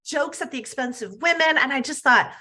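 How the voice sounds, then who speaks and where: A woman health coach talking as a podcast guest, emphatic and animated, often tagging her points with "right?". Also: sits high, a little fast. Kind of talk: casual podcast interview.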